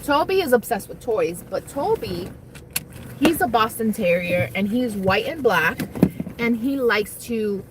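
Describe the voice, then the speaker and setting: A woman's voice: a little high, animated, measured pace, background noise. Chatty young woman eating on a livestream. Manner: chatty, rambling, eats while talking. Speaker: livestream host. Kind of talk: casual livestream chat while eating lunch. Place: parked car on lunch break.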